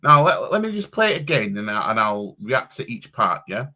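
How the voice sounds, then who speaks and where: A man's voice: medium pitch, sing-song, moderate pace, pushed and bright. A man reacting casually on a stream as a football fan, with a slangy, stumbling way of talking.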